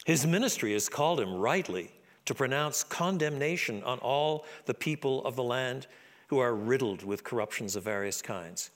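Animated, dramatic male preacher. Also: moderate pace. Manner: expressive, dramatic, drops low for solemn lines. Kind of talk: sermon.

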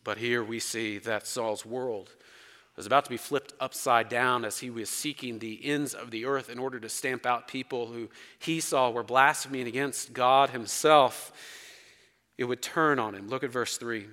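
A man's voice: medium pitch, steady tone, moderate pace. Emphatic male preacher in a reverberant hall. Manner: emphatic, dramatic swings in loudness. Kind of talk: sermon. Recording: long reverb of a large hall.

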